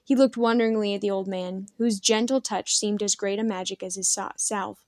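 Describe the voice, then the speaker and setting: A woman narrating a novel aloud in an even, measured storytelling manner. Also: mid-range voice, no room sound.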